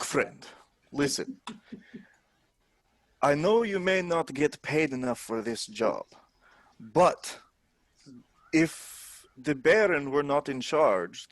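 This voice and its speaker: A man's voice: a little high, animated, slow, no room sound. A man voicing a dwarf adventurer during a tabletop game, speaking formally and persuasively. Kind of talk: in-character tabletop role-play.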